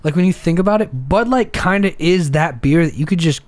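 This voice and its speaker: Young guy, podcast co-host, slightly high voice, rambling and jokey; dry close-mic sound. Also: expressive, fairly quick, dry recording. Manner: rambling, laughs often, jumps up high when mimicking people. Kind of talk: casual chat over beers.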